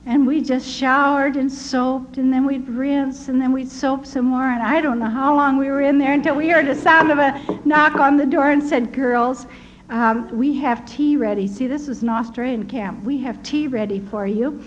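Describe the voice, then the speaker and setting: An older American woman earnestly recounting personal wartime memories in a tender, animated storytelling manner, with a slightly dull recording and faint hiss. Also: sits high, normal speed, few pauses. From United States. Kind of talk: personal testimony.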